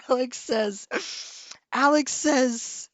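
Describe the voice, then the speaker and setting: A young adult woman hosting a casual live stream. She talks with viewers in a bubbly, excitable way, often trailing off, starting over and laughing. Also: a little high, measured pace, dry recording. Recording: dull lo-fi sound, dry room.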